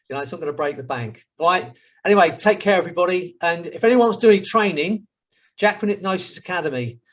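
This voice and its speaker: A middle-aged hypnotherapist with a London accent speaks to a group over a video call. His voice sits a little high for a man, and he moves between slow, soothing suggestions and relaxed, friendly chat. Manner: soothing counting suggestions, then chatty and upbeat.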